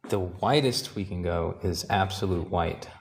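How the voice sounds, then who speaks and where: A man teaching painting, talking calmly and thinking aloud while he works, sometimes correcting himself. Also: sits low, measured pace, creaky, a little hiss or hum. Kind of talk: live painting demonstration.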